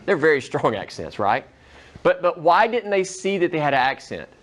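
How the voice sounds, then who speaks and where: Male teacher in a classroom with a slightly high voice. Casual lecturing style, keeps checking in with the class. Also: sing-song, normal speed. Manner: conversational, checks in with students often.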